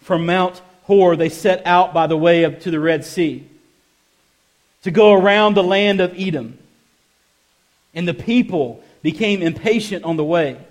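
A man preaching a sermon in a church service and reading scripture, swinging from soft, low asides to loud, emphatic passages, with repeated phrases for emphasis. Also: unhurried. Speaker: pastor.

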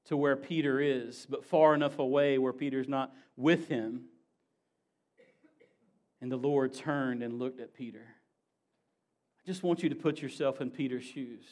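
A pastor preaches a sermon, building to emphatic raised passages and then dropping to quiet, low asides. His intonation is fairly even and his pace a little slow.

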